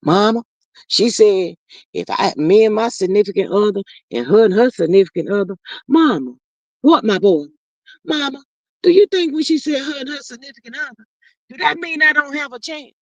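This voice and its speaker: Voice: medium pitch, lively intonation, normal speed, dry recording, dull audio, close to an everyday voice. Someone doing a whiny grown son. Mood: pleading. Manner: pleading, repeats "Mama". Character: whiny grown man pleading to his mother.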